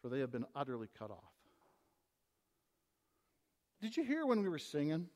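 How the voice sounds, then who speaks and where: A man preaching a sermon, swinging between loud emphatic reading and quiet, low asides to his congregation. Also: wildly swooping pitch, moderate pace. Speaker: pastor. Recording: long hall reverb.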